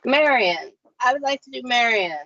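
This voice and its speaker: A woman's voice: animated, moderate pace, bright, forceful tone, slight background noise. A woman hosting a live psychic show, doing a chatty tarot reading for viewers. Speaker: host and psychic reader. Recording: muffled low-fi audio.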